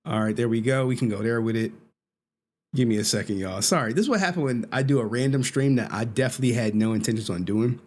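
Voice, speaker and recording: A man's voice: mid-range voice, lively intonation, quick pace. A man hosting a casual livestream, laughing often, joking and swearing as he talks. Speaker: streamer host.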